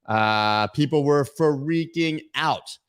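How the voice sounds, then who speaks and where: This crypto livestream host's voice is a little high and smooth, and he takes it slowly. Sitting at his webcam, he talks to viewers about crypto news in a casual chat, playful and jokey as he riffs on silly bits.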